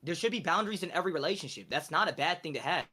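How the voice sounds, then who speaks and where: Fast-talking preachy male streamer. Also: on the high side, animated, slightly rough. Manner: emphatic, preachy, swings between loud and quiet. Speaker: live streamer. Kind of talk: casual stream chat, giving life advice.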